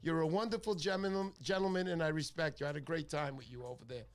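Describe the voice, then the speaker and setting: A man hosting a casual fishing livestream, chatty and excitable, thanking viewers by name. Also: on the high side, fast talker. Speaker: livestream host.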